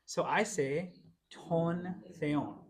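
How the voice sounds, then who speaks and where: A man teaching a Bible class in a church classroom, giving a lecture and patiently explaining, slowing down to repeat example phrases. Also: a little high.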